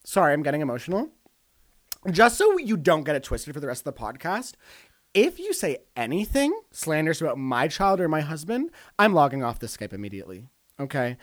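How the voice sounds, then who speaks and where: A man's voice: a little high, huge pitch swings, brisk, no room sound. A man playing a vain, dramatic female film star in an improvised comedy podcast, gossipy and over the top, talking over an online call. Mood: threatening.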